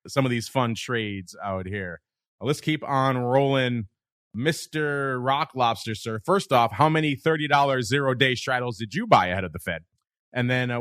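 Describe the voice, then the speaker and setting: A man's voice: mid-range voice, fairly bright tone, dry recording, studio quality. A man hosting a casual markets podcast, joking and talking straight to the listeners. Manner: jokey, upbeat, addresses listeners. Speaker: podcast host. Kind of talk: casual market talk show.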